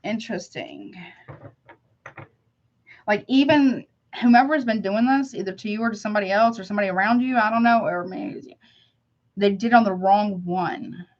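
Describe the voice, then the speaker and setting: A woman tarot reader hosting a live reading, talking in a casual, slangy, sympathetic way as she greets viewers and gives advice. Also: medium pitch. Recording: slightly dull lo-fi audio.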